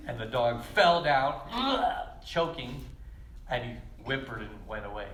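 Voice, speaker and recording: Lively man teaching kids in an echoey room. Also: medium pitch, slow, pauses often, slight background noise. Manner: lively, storytelling, addresses kids directly. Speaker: children's pastor. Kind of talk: kids' church teaching. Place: church kids' room. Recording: echoey room with faint ambience.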